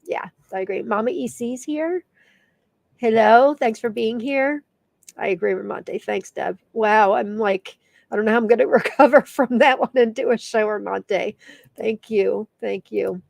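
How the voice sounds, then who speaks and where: A woman's voice: a little high, measured pace, vocal fry, darkish tone, no room sound, clean studio sound. A middle-aged woman hosting a casual live stream, teary and emotional as she reads viewer comments aloud. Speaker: live show host.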